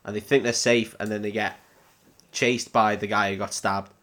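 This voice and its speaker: Young male podcaster, rambling comic recap, slightly low voice. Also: flat delivery, normal speed, sharp tone. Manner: rambling, laughing, swearing asides. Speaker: podcast co-host. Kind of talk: comedic film recap chat.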